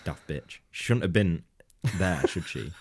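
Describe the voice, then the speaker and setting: A man's voice: deep voice, animated, measured pace. A man co-hosting a comedy podcast, telling a rambling anecdote in casual banter, laughing often and swearing freely. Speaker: podcast co-host.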